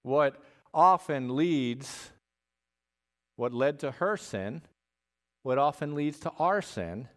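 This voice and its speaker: A man preaching a sermon as a pastor, conversational and animated, often checking in with "right?" and dropping humorous asides. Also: mid-range voice. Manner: animated emphasis with asides and jokes.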